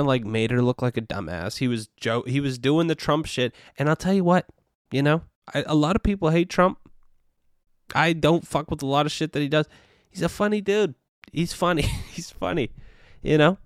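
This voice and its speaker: A man talking alone into a podcast microphone, rambling and swearing freely in loose, animated chat. His voice has a mid-range pitch for a man. The sound is close and dry, with no room around it. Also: clear, resonant tone, no room sound. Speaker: podcast host. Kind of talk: casual solo podcast monologue.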